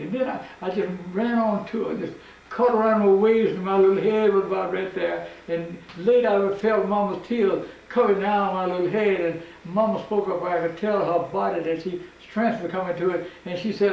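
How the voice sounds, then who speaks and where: An older man tells stories in a fervent, preacher-like way as a museum tour guide. His voice is high and gravelly. He is recorded from a distance in an echoing indoor room. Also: fairly even intonation, normal speed, hardly any pauses, a little mellow, highs cut off. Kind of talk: oral storytelling. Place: old house museum, indoors.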